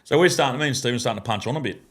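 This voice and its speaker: A man in his thirties tells a rowdy story in a podcast studio, swearing freely and breaking into laughter mid-sentence. His voice sits at an ordinary middle pitch, and his casual yarn-spinning comes in bursts. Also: rapid-fire, husky. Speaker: podcast guest.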